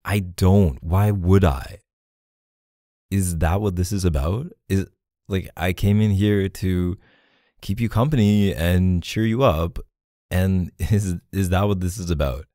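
A man's voice: deep voice, slow, warm tone, dry recording, studio quality. A man playing a flustered, pleading boyfriend. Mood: defensive. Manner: pleading, flustered, defensive, sighs often. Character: defensive boyfriend in a jealous argument. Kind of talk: whispered role-play.

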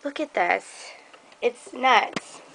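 A young woman, a crafting vlogger, shows off craft gifts on camera in a casual show-and-tell unboxing, gushing effusively about everything in a slow, drawn-out way. Her fairly high voice is expressive, creaky, pushed and bright. The audio is poor, with slight background noise.

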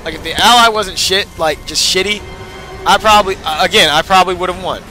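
A young gamer narrates his play in casual commentary, frustrated, swearing, and repeating his cheers. His voice is high and very bright, almost sharp, and he talks a little fast over faint background music.

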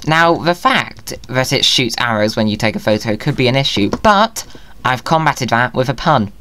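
A man's voice: medium pitch, normal speed, bright, forceful tone, slight background noise. A man giving playful, jokey commentary over his own gameplay, often talking to himself. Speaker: Minecraft video creator.

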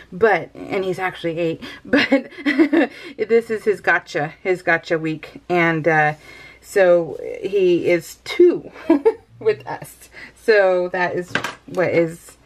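A young woman from California talks casually through a crafting vlog. She rambles, giggles often, and lets her phrases drift into a sing-song lilt. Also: fairly low pitch. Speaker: vlogger. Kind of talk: casual chat while crafting.

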